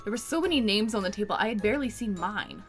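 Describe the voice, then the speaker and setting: A woman's voice: medium pitch, animated, quick pace, soft background music. A woman casually playing and reading a romance visual novel aloud, joking and swearing along the way. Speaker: game player and reader.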